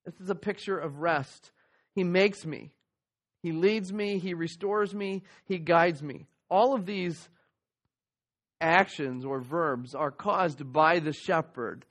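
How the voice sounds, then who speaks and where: A man's voice: fairly high pitch, slow, a bit bright. A man preaching a sermon, teaching earnestly and reading scripture aloud. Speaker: pastor.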